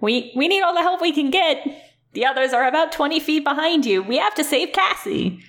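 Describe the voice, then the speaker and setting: Woman doing a nerdy teen boy, high, eager, earnest. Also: animated, fairly quick, fairly bright tone. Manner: nerdy, nasal put-on voice.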